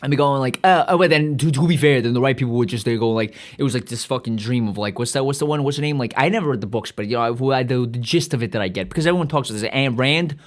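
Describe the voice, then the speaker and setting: Rapid-fire ranting man. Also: mid-range voice. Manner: rambling, profane, with many restarts and stammers. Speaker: podcast host. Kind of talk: profane comedic rant.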